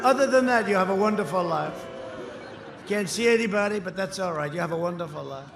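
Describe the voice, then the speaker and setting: A man giving a boastful, mocking campaign rally speech from a podium microphone, repeating lines and shouting them out to the crowd. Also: sits high, fairly quick, gravelly. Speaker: candidate speaking at a campaign rally. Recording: echoey sound system with crowd noise.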